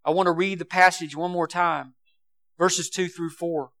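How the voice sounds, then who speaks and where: A man preaching a sermon with passion, swinging between loud emphasis and quiet asides. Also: sits high, steady tone, moderate pace.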